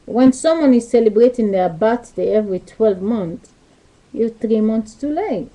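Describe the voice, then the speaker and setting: A woman's voice: a little high, lively intonation, a little slow, dark tone, rough recording. A woman telling a rambling story into her webcam in loose, non-native English grammar. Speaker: vlogger. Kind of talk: casual storytelling monologue. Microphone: webcam mic.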